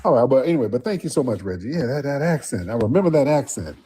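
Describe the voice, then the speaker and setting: A man hosts a call-in show in a loose, drawling way, often saying the same thing twice. His voice is dark and husky, at a middle pitch for a man. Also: big pitch swings, fast talker. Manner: casual, drawling, repeats himself. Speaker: show host. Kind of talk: casual call-in talk show.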